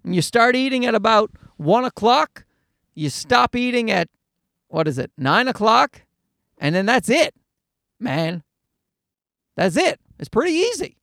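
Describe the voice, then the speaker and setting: A man with a high, gravelly voice talks straight to his viewers in a loose, unscripted vlog. He is blunt and swears freely, and his pitch swings widely as he stumbles and restarts mid-thought. The sound is dry and close. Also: big pitch swings, unhurried, long pauses, a bit bright, dry recording. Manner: blunt and profane, with many restarts. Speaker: vlogger. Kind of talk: casual personal chat to camera.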